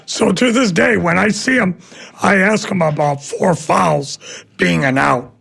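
A man from Tampa telling an animated story as a radio host in a studio. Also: high-pitched, measured pace, creaky, breathy edge. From Tampa, Florida. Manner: animated storyteller acting out the voices.

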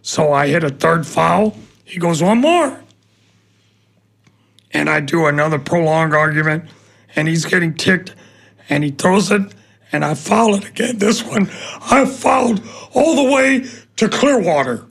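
A man from Tampa telling an animated story as a radio host in a studio. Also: a little high, moderate pace, gravelly, breathy edge. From Tampa, Florida. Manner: animated storyteller acting out the voices.

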